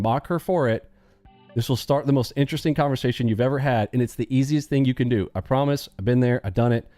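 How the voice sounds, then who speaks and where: Joking live-stream host, male, mellow dark voice, faint music behind. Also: medium pitch, dry recording. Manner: joking, animated, acts out quick bits of dialogue. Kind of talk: casual live-stream chat.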